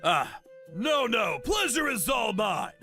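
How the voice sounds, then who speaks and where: A man's voice: extremely high pitch, big pitch swings, slow pace, creaky, bright, forceful tone, faint music behind, full character voice. A man playing a smarmy flirty shop worker. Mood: smug. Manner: showy, boastful, breezy. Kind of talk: animated dub acting.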